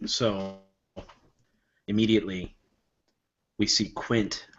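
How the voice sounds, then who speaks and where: A man narrating his character's actions in a tabletop game, slow and dramatic. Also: lowish voice, steady tone. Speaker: player. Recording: dull lo-fi.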